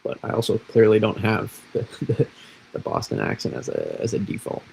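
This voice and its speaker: Gravelly low-voiced weather streamer man. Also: wildly swooping pitch, moderate pace, a little mellow, rough recording. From Massachusetts. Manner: rambling, self-deprecating, restarts often. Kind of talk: casual livestream commentary.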